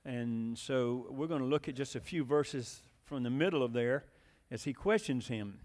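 A man's voice: mid-range voice, moderate pace, darkish tone, long reverb tail. A man preaching a sermon in a folksy, storytelling way, with many fillers and questions to the congregation.

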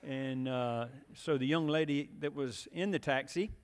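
A man's voice: medium pitch, a little slow, in a large hall. A man preaching a sermon in a folksy, storytelling way, with many fillers and questions to the congregation.

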